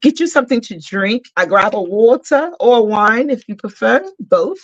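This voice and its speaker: A woman's voice: fairly high pitch, animated, normal speed. Woman, live-stream host, casual hype talk, repeats herself, dull lo-fi sound.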